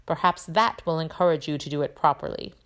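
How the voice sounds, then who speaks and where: A woman's voice: deep voice, brisk, natural voice. A woman reading aloud and voicing a cold, sneering male potions teacher in a cutting manner. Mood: scornful.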